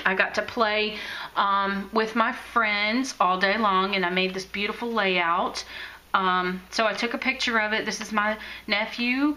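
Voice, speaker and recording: Gushing, chatty woman with a bright voice. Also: medium pitch, rough recording. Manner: gushing, chatty, many fillers and restarts. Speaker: scrapbooking vlogger. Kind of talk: casual show-and-tell chat. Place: home craft room.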